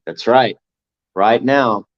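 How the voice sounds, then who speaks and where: A man's voice: medium pitch, takes it slowly. A man in casual podcast chat, talking earnestly and motivationally, repeating his points. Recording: dull lo-fi audio.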